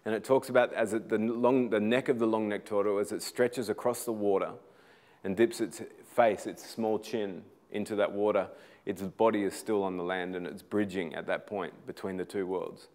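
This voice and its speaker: Earnest Australian man, fairly low voice. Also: fairly even intonation, moderate pace, darkish tone. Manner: earnest, storytelling, restarts words while building to emphatic points. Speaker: motivational speaker. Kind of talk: inspirational talk.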